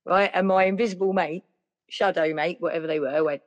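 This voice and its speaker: A woman's voice: on the low side, steady tone, a little fast, dull audio. A woman telling a personal story in a rambling, chatty way, full of "like" and "yeah". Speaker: podcast guest. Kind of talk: casual storytelling.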